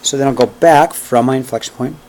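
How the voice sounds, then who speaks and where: A man teaches math in a classroom, speaking a little fast in a medium-pitched, slightly mellow voice. He counts out the steps aloud as he works through them, checking in with "okay?" and "right?" throughout the lecture.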